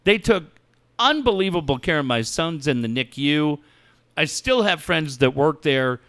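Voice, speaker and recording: Animated high-voiced man telling a story. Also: measured pace, clear, resonant tone. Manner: animated, acts out quoted voices, swears freely. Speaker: radio show co-host.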